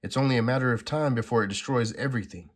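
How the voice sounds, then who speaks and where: A man's voice: medium pitch, quick pace, voice pushed up, close to an everyday voice. A man reading a comic aloud, voicing a grieving, desperate male survivor in a slightly raised, urgent voice. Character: anguished male survivor, grief-stricken and desperate.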